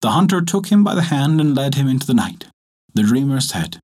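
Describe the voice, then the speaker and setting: A man reading a folktale aloud as a storyteller, in measured, expressive narration. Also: mid-range voice. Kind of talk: scripted narration.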